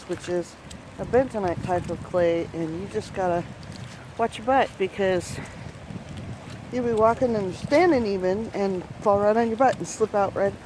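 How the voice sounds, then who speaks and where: A woman walks her flooded farm with a handheld phone camera, talking casually and teasing her loose animals. Her voice sits in the middle range. Rushing creek water and outdoor noise run clearly under the recording. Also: medium pitch. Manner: chatty, grumbling jokingly at her animals. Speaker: farm vlogger. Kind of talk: casual vlog narration.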